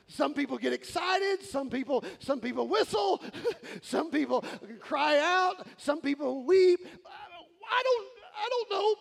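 A man preaching a lively, shouting sermon to his congregation. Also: very high-pitched, creaky. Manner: animated, shouting preacher with a Southern drawl in his phrasing. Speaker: pastor. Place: large church sanctuary. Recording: crowd in a reverberant church hall.

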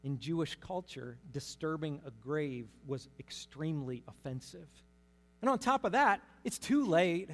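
Man teaching scripture in a reverberant hall. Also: fairly high pitch. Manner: lively storytelling with humorous asides. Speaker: Bible teacher. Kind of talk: conversational Bible teaching.

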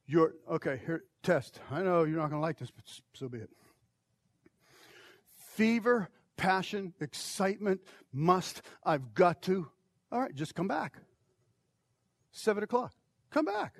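A man preaching an altar call, impassioned, swinging from shouted pleas to near whispers. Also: sits high, very animated, measured pace, creaky, pauses often, no echo. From United States. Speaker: pastor.

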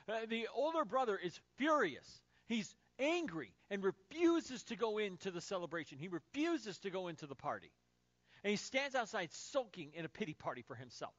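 A male pastor delivering a sermon, swinging from loud emphasis to hushed, quiet phrases. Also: sits high, big pitch swings, normal speed, dry recording, muffled recording.

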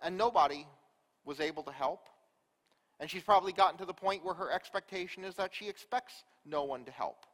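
A man preaching a sermon, telling a story with rhetorical questions and dropping from loud to quiet. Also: high voice, fairly quick, big-room sound. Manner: storytelling, rhetorical questions, big swings in loudness.

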